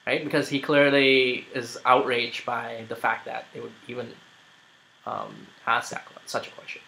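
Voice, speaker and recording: Man, response-video commentary, argumentative, rambling, bright tone. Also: mid-range voice, normal speed, vocal fry, poor audio. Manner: argumentative, rambling, many "you know"s. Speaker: YouTuber making a response video.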